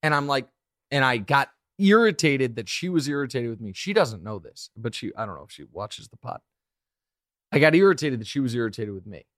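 Male podcast host, thirties, mid-range voice, dry close mic, animated storyteller. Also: mid-range voice, no room sound. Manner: animated storyteller, quick asides. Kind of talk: casual podcast chat.

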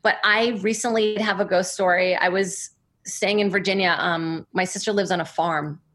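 A woman's voice: fairly low pitch, steady tone, normal speed, fairly bright tone. A woman chatting casually as a guest, rambling with easy laughs. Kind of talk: casual chat.

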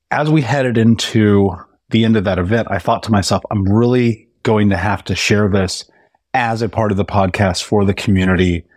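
A podcast host with a fairly low voice introduces the episode. He talks to the listener in a friendly, direct way. The sound is dry and close. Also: a little mellow, no echo.

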